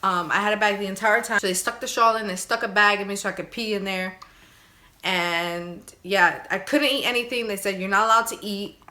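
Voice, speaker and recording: A young woman casually telling her birth story to her viewers, chatty and animated, acting out her own crying and pleading. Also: mid-range voice, fairly quick. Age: young adult.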